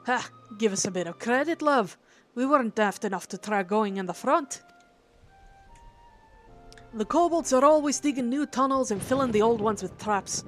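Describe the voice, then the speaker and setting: Woman doing a loud rough adventurer, mock Scottish. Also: on the high side, animated, normal speed, soft background music, lightly acted. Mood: hearty. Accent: attempted Scottish. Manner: loud, folksy, slangy banter. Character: rough, cheery male adventurer.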